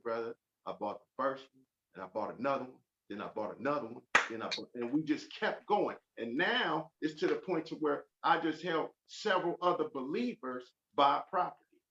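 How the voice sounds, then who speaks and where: Fervent man giving a testimony. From Oakland. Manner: fervent, builds to loud emphatic peaks. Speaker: podcast guest. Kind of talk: testimony in a podcast interview. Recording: roomy, dull low-fi sound.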